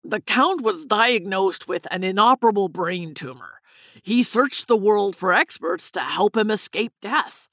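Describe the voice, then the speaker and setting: A woman's voice: mid-range voice, animated, unhurried, fairly bright tone, no echo. A woman voicing a fearful, evasive male scientist who backpedals as he talks. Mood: confiding. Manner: backpedaling, hesitant.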